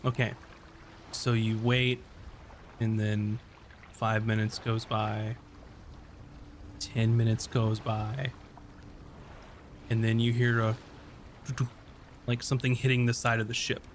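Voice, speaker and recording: A man running a tabletop game who narrates scenes casually and loosely, with plenty of pauses and fillers. His voice is mid-pitched and relaxed. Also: slight background noise. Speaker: game master.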